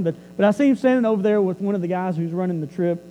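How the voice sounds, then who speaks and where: High-voiced, mellow male preacher. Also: rapid-fire, hardly any pauses, in a large hall, slight background noise, poor audio. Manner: conversational, repeats and restarts words. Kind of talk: storytelling sermon.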